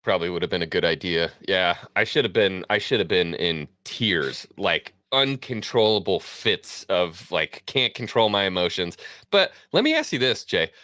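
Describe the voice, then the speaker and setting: A man's voice: low voice, sing-song, moderate pace, pushed and bright, no echo. A man co-hosting a casual podcast chat, tossing in dry, jokey asides. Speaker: podcast co-host.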